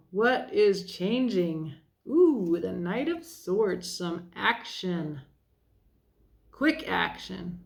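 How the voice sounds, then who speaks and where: A woman's voice: on the low side, vocal fry, a little mellow, a little hiss or hum. A woman giving a casual tarot card reading, chatty and self-deprecating, thinking aloud as she turns each card. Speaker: tarot reader.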